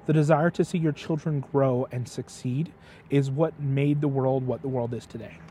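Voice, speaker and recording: Animated storytelling man. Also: medium pitch, moderate pace, a little hiss or hum. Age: adult father. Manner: animated storyteller, acts out quotes. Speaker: podcast guest. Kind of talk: casual chat.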